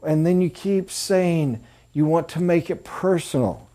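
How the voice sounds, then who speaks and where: Male sales coach, mellow and slightly high, lively classroom delivery. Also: measured pace. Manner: animated, acts out examples. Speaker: sales trainer. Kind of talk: classroom sales training talk.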